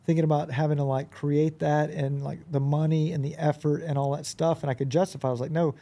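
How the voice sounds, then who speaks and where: A man who is a podcast guest, telling animated anecdotes in a casual conversation and often acting out quoted dialogue. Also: fairly high pitch, fast. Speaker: podcast guest, business owner.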